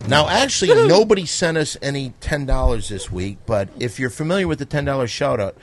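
A man hosting an improvised comedy podcast with a brisk, announcer-like delivery. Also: medium pitch, expressive, over music.

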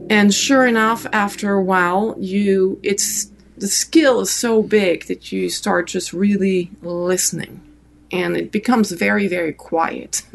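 A woman's voice: mid-range voice, gravelly. A woman from France with a French accent, an interview guest telling a long story with many fillers and restarts. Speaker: podcast guest.

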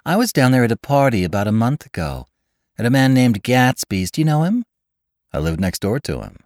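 A man's voice: medium pitch, sing-song, a little fast, darkish tone, no echo, clean studio sound, voice pushed up. A man reading aloud, voicing a chatty, gossipy young woman in a period story.

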